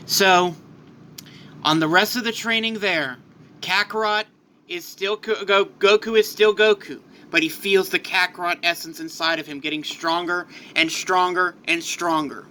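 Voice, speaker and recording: A man's voice: high voice, steady tone, a little slow, bright, forceful tone, a little hiss or hum. A man casually narrating a fan-made what-if story, loose and rambling with restarts.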